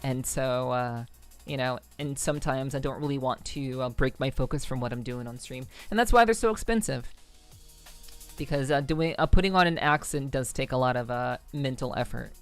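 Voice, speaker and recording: A woman's voice: a bass voice, moderate pace, soft background music. A young woman live streamer in casual chat with her viewers, rambling with frequent restarts.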